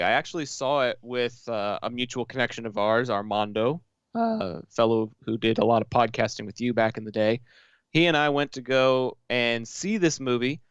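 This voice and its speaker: A man co-hosting a casual podcast, telling stories with lively quoted asides. His voice is smooth and clear, recorded dry on a close mic. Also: mid-range voice, dry recording. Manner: storytelling, animated retelling with quoted asides. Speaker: podcast co-host. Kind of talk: casual chat.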